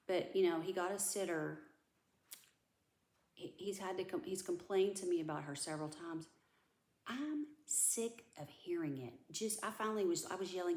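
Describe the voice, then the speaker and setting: A woman's voice: on the low side, normal speed, darkish tone. A woman vlogging in casual chat, rambling through a story, venting, and sometimes dropping to a whisper. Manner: rambling storyteller who vents and drops to a whisper. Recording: echoey room with background noise.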